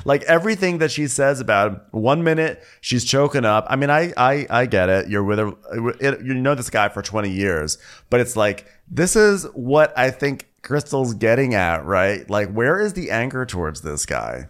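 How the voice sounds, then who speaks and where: Animated, joking man recapping TV. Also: mid-range voice, moderate pace, few pauses. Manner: joking, rambling. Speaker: podcast co-host. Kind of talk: comedic TV recap chat.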